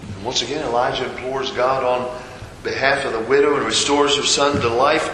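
A man's voice: medium pitch, steady tone, normal speed, a bit bright, echoey room, long reverb tail, slight background noise, low-quality recording. A man preaching a sermon, retelling a scripture story and repeating rhetorical questions. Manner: storytelling, voices the figures' quoted lines, rhetorical questions.

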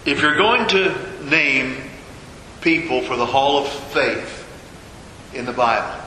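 A man preaching a sermon as a pastor, telling a story with dramatic pauses and repetition. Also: mid-range voice, expressive, sharp tone. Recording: echoey hall with long reverb, faint noise.

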